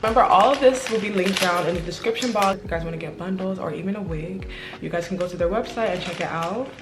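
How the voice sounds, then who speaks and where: A young woman talking casually to camera as a beauty vlogger, chatty and excitable, calling her viewers y'all. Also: fairly low pitch, fast talker. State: out of breath. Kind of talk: casual vlog talk to camera. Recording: echoey room with music behind.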